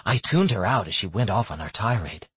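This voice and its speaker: A man narrating a first-person audiobook in a steady, even reading. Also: fairly low pitch, fairly quick, dull audio, slight background noise.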